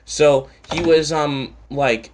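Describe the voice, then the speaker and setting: A man's voice: on the high side, fairly even intonation, slow, a little hiss or hum. Rambling, foul-mouthed Canadian man ranting. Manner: rambling, profane and sarcastic. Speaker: channel host. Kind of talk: casual storytime rant.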